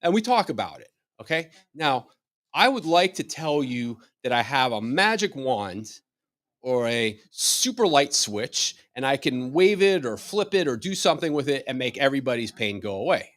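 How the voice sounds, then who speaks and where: A middle-aged man leads a wellness workshop, chatting and joking with his audience and firing off rhetorical questions. He often repeats his first words before getting a sentence going. His voice sits at an ordinary pitch and sounds close and dry, with no room echo. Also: sing-song, normal speed, a bit bright. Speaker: chiropractor leading a wellness workshop. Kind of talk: informal live workshop talk.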